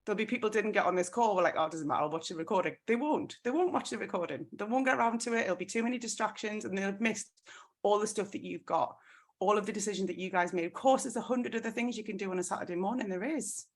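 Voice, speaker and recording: A woman's voice: mid-range voice, fast. A woman in her thirties giving a motivational talk on a team call, telling a story with many "like" fillers. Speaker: network marketing team leader.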